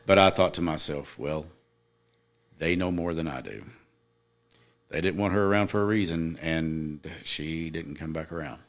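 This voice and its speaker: A man's voice: extremely low pitch, a little slow. A middle-aged man, a podcast guest, earnestly telling a personal story in casual chat, with emphatic moments.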